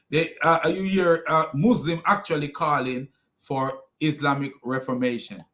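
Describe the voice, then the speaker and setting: A man's voice: a little high, fairly even intonation, slow pace, pauses often, a bit bright. A man giving critical commentary on a played clip, argumentative, with many fillers and restarts. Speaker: religious commentator.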